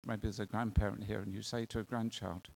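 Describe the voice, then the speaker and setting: Male preacher, gravelly voice, earnest conversational sermon. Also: lowish voice, level tone, brisk, darkish tone.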